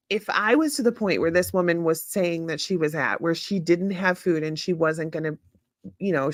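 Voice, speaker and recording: A woman's voice: lowish voice, fairly bright tone, no room sound, clean studio sound. A woman hosting a casual live chat, speaking frankly and bluntly, handing out tough-love advice with casual swearing and talking to viewers by name. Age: adult parent. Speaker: host of a live chat stream.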